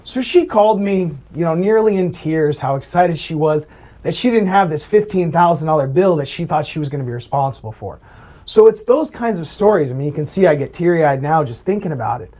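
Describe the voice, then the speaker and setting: Earnest male planner, high mellow voice, lo-fi interview audio. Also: a little fast. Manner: earnest, animated retelling of client stories. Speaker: Medicare planner. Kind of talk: interview storytelling.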